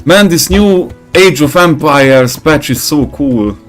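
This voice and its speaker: A man giving casual gameplay commentary, rambling and swearing, who gets animated when he tells stories. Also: on the high side, slow, soft background music. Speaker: gaming channel host.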